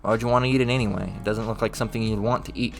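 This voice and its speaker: A man with a fairly low voice leads a relaxed scripture study. He talks loosely and repeats himself, tacking "all right?" onto most lines, and lifts his voice when he reads the old-style verses aloud. Soft music plays faintly behind him. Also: very fast, creaky. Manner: repetitive, checks in with "all right?". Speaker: religious teacher.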